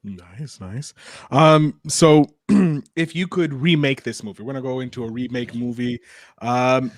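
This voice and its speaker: A man hosting a casual movie podcast, keeping the talk moving with quick plugs and questions. His voice sits at a middle pitch, recorded close and dry with little room sound. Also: no room sound. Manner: chatty, plugs shows, self-deprecating about stuttering. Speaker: podcast host. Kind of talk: casual chat.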